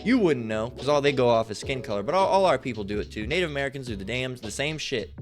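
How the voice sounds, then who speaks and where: A man's voice: mid-range voice, animated, fast, faint music behind. A man giving rambling scripture commentary, profane and emphatic, with many restarts and tag questions. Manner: profane, emphatic, full of restarts and "all right?". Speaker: religious commentator.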